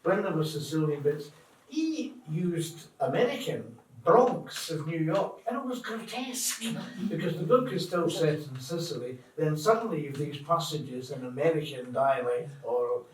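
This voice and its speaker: A man's voice: a little high, lively intonation, normal speed. A man in the audience, himself a translator, makes a firm, opinionated comment at a public talk. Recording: echoey room, distant mic.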